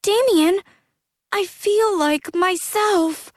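Woman doing an emotional young man, raised high voice, dry close sound. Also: extremely slow, no echo, exaggerated voice. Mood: joyful. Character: young man, tearful then overjoyed fledgling. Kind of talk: audiobook character reading.

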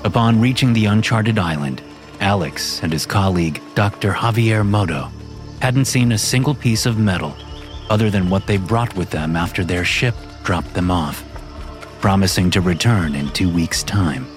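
A man narrating a horror story in a steady, measured scripted reading, with music playing behind him. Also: deep voice.

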